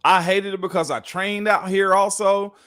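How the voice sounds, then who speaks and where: A man hosting a casual sports talk show, laid-back and drawn-out, often calling his co-host "man". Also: sits high, fairly even intonation, fairly bright tone, clear, resonant tone. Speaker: host, former football player. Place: Tennessee.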